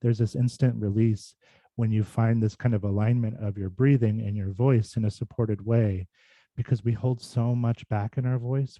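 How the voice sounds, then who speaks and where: A man's voice: medium pitch, warm tone, no echo, lo-fi sound. A man who works as a speech and voice clinician, giving a casual, thoughtful talk full of fillers and restarts over a video call. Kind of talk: casual informal presentation.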